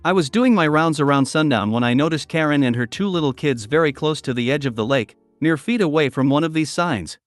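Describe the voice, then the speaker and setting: A man narrating online stories in a steady, even reading style. His voice sits slightly high, recorded dry and close, with faint music under it. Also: fairly quick, few pauses, no echo.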